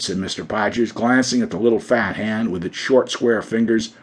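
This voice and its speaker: A man narrating a classic story for an audiobook, reading in an expressive, theatrical way. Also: lowish voice, moderate pace, few pauses, slightly rough.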